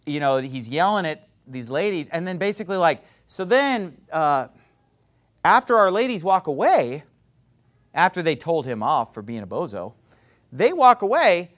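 A man preaching a sermon, retelling a story in an animated, mocking way and repeating words for emphasis. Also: sits high. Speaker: pastor.

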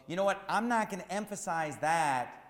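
A man preaching a sermon as pastor, emphatic and repetitive, rising to shouts at times. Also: high voice, lively intonation, moderate pace, reverberant, big-room sound.

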